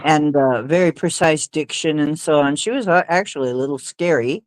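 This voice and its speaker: In a deep, darkish voice at a moderate pace, a livestream host chats casually, telling stories hesitantly and rambling with lots of fillers and small laughs. The audio is poor, though there's no echo.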